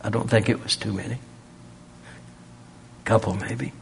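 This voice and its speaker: A man preaching a sermon, pressing rhetorical questions and swinging from loud emphasis to a near-whisper. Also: lowish voice, steady tone, measured pace, creaky, slight background noise.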